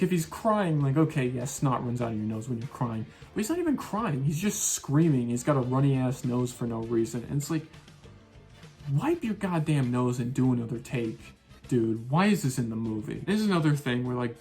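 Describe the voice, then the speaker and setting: Guy ranting about a movie, swears a lot, sarcastic and fed up, normal pitch voice. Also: darkish tone. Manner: sarcastic, profane, exasperated. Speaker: movie reviewer. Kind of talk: casual ranting film review.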